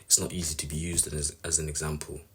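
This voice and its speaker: A man's voice: extremely low pitch, level tone, quick pace, a bit bright, husky. A man giving a casual devotional talk on a Bible passage, earnest and rambling as he thinks aloud. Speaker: Bible reflection speaker.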